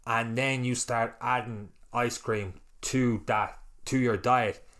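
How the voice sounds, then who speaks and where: A man talking casually on a podcast, rambling and animated, acting out little quoted exchanges. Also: medium pitch, slow. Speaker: podcast host.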